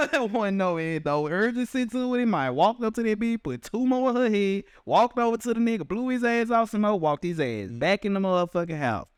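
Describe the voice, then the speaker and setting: A man's voice: high-pitched, animated, a little fast, few pauses, clear, resonant tone, dry recording. A man, co-hosting a podcast in casual, profane chat and laughing between thoughts. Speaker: podcast co-host.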